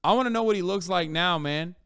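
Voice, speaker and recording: A man streaming, ranting in casual commentary with a profane, mocking edge that swings from low mutters to loud outbursts. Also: fast, clean tone, no echo, clean studio sound.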